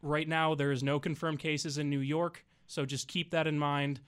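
Newsroom guy correcting a report, slightly high voice, pretty flat, smooth. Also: normal speed. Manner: matter-of-fact, level. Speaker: newsroom staffer. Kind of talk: on-air news clarification.

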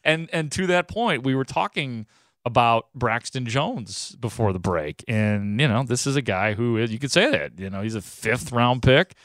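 A man's voice: mid-range voice, animated, moderate pace, a bit bright, no room sound. A man hosting a sports talk show, casual and chatty. His voice sits mid-range and sounds close and dry on the studio mic. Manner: chatty, loose, lots of restarts. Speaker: sports radio host.

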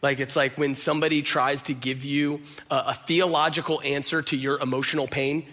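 A man preaching in a loose, conversational way, his voice sitting a little higher than most men's. He talks straight to the listeners, says "y'all", and fills his sentences with "like". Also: level tone, a little fast, sharp tone. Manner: casual and direct, addresses listeners as "y'all", uses filler "like". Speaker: pastor. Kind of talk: conversational sermon.

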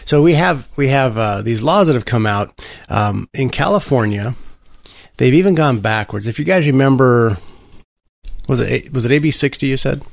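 A man's voice: medium pitch, lively intonation, moderate pace, vocal fry, no room sound, studio quality. A man hosting a talk radio show, rambling and sarcastic, with frequent restarts. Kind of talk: casual political talk radio.

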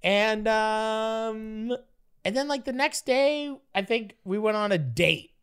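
A man's voice: high voice, takes it slowly, smooth. A man from Canada, a podcast guest, telling rambling stories in casual chat and acting out voices along the way. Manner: rambling, animated, acts out voices in his stories. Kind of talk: casual storytelling.

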